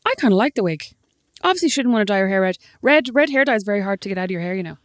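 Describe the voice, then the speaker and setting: Irish woman podcast co-host, opinionated and lively, dry close mic. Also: mid-range voice, rapid-fire, no echo. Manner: animated, opinionated. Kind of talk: casual chat.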